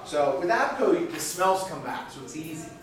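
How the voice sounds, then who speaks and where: Running a product sales training session, this man sounds upbeat and chatty, laughing between his points. His voice is a little high and expressive, moving at a moderate pace over a crowd in the background. He's captured from a distance by a far-off mic in an echoey, reverberant room.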